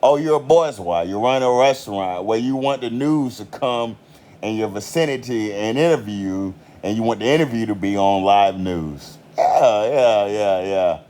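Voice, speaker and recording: A man's voice: lowish voice, moderate pace, darkish tone. A man with an American country accent ranting in a heated, profane monologue. He swears constantly and repeats himself for emphasis. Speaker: commentator.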